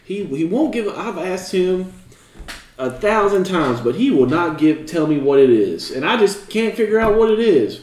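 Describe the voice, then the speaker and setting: A man's voice: high voice, very animated, moderate pace, darkish tone, recorded from a distance, pitched above the performer's own voice. A man voicing a chatty male customer who rambles, in a voice close to his own. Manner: rambling, meandering. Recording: echoey room.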